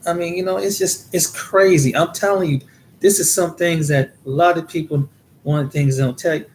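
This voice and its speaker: A vlogger from the United States rambles through a casual monologue about his experiences, repeating words as he goes. His voice is a little high and fairly quick, with a little hiss or hum on the recording.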